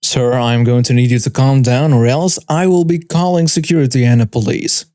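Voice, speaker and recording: A man voicing a patient male store manager who speaks in a steady, measured way. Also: medium pitch, no echo, studio quality, natural voice. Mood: firm. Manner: measured, firm.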